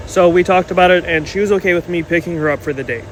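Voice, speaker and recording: A man casually telling a story to his phone camera, animated and indignant as he retells it. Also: high-pitched, fast talker, low-quality recording. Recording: faint background noise.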